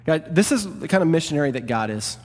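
A male pastor preaching a sermon, swinging between loud emphatic peaks and quieter asides. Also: a little high, very animated, fast. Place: church hall. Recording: reverberant church hall.

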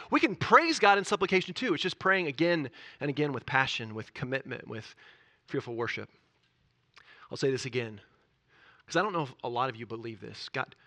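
A man preaching a conversational sermon, swinging between loud urgency and quiet intensity. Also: on the high side. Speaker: pastor.

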